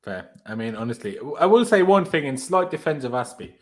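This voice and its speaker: A young man hosts a fan reaction stream in a high, lively voice. His pitch swings up and down as he rants in exasperation and fires off question after question. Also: brisk. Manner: exasperated, ranting with repeated rhetorical questions. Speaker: host of a football reaction stream. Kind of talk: heated post-match fan reaction chat.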